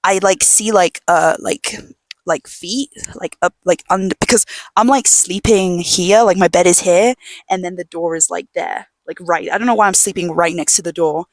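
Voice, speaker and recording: A young woman hosting a casual podcast from home, telling a story in a rambling way full of "like" and fillers, sometimes dropping to a hush. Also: on the low side, normal speed, no echo. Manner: drops to a hush at times. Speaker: podcast host. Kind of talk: casual chat.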